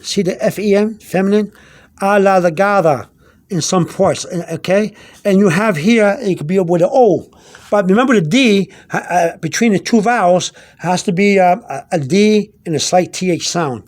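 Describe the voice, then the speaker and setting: A man teaching vocabulary in an unscripted video lesson, halting, repeating himself and filling pauses, slowing down to spell out words. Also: high voice, darkish tone. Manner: searches aloud through his notes. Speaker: language teacher.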